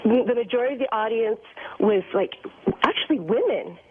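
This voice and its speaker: A woman calling in to a radio show, gushing excitedly about an event she went to. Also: on the high side, moderate pace, slightly rough. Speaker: caller. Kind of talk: phone-in chat. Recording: tinny phone line.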